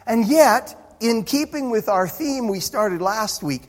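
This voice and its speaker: A man's voice: high-pitched, expressive, slow pace. A man preaching a sermon as pastor, in a conversational, self-interrupting way with chuckling asides. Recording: reverberant hall.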